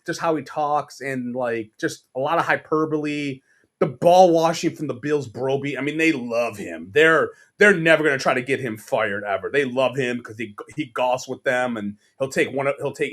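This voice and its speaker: A man's voice: mid-range voice, normal speed, fairly bright tone. A man with a New York accent, co-hosting a sports podcast and ranting in a profane, exasperated way with mocking impressions. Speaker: podcast co-host. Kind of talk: casual sports podcast rant.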